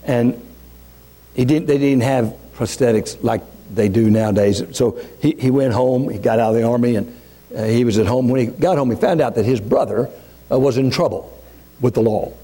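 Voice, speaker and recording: A pastor preaching a sermon with passion, swinging from raised, urgent lines to hushed, low prayer, repeating and restarting words as he builds. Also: moderate pace, husky.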